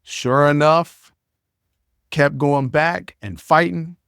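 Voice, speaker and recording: A podcast host with a fairly high, slow, creaky voice that's a bit bright, clear and resonant tells stories bluntly and casually, often repeating words as he thinks. It's a casual storytelling monologue recorded at studio quality with no echo.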